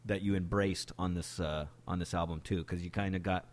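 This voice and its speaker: Relaxed rambling male podcast host. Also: deep voice, brisk. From US Pacific Northwest. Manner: relaxed, rambling with many fillers. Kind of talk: casual chat.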